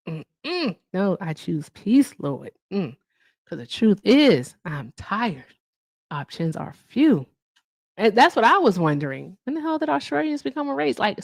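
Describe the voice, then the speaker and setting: A brash, chatty woman hosts a livestream and talks freely to her viewers. Her voice sits at a middle pitch and sounds dry and close, with no room around it. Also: gravelly, no echo. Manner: brash, chatty, curses freely, hums and sings filler. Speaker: livestream host. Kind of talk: casual livestream chat.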